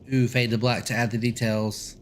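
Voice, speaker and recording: A man's voice: mid-range voice, level tone, brisk, a little hiss or hum. A man casually commenting on a game as he plays, chatty and self-deprecating. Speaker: gaming streamer.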